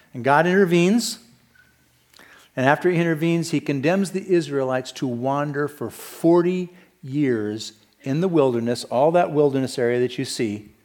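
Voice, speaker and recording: Man, senior pastor type, slightly raised pitch; chatty storytelling sermon, sinks soft and low for the heavy parts. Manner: conversational storytelling with fillers and restarts.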